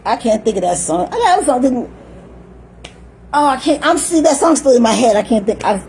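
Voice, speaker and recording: A woman's voice: fairly high pitch, big pitch swings, brisk, darkish tone, a little hiss or hum, poor audio. An older woman talking in a rambling, chatty monologue, often laughing and acting out little voices. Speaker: vlogger.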